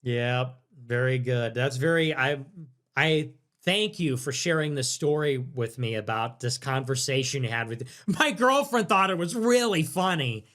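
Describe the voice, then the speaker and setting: A man's voice: mid-range voice, animated, unhurried, fairly bright tone. A young man hosting a livestream, reacting to chat in a crude, sarcastic, ranting way. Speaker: livestream host.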